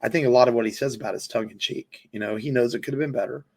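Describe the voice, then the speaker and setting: Gravelly man in casual podcast chat. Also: mid-range voice, racing. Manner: rambling, many fillers and restarts. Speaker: podcast co-host.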